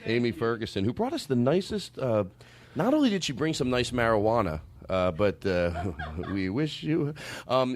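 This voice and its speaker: A man's voice: medium pitch, noisy background. A middle-aged man hosting a comedy podcast with guests, joking loosely, swearing, and running mock-serious bits. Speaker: podcast host.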